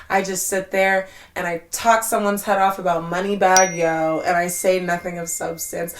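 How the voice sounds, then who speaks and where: A woman's voice: fairly low pitch, flat delivery, moderate pace, few pauses, background noise. Rambling, candid young woman talking to herself. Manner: rambling and candid, swearing often, with frequent "like" fillers and sudden laughs; drops to a near-whisper when reflective. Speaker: vlogger. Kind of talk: casual solo monologue.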